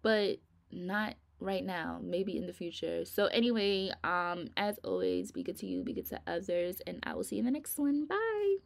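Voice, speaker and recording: A woman's voice: mid-range voice, expressive, moderate pace, vocal fry, hardly any pauses, noisy background. A middle-aged woman chatting casually to her viewers in a rambling, informal way, sounding tired. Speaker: nail vlogger.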